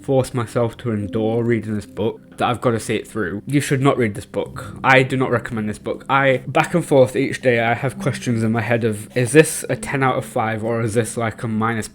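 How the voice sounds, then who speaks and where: A man's voice: mid-range voice, steady tone, moderate pace, hardly any pauses. A young man vlogging casually about a book, rambling and emotional, with nervous laughs. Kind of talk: casual reading vlog.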